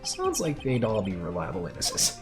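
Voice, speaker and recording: A man's voice: lowish voice, wildly swooping pitch, moderate pace, soft background music. A man voicing an earnest young male defense lawyer, asking questions plainly. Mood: questioning.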